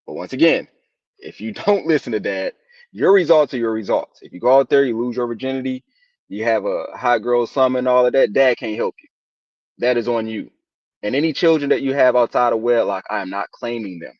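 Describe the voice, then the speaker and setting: A man's voice: mid-range voice, a little fast, darkish tone, dry recording, lo-fi sound. A man, a father, giving a firm, lecturing opening statement as a guest on a discussion stream.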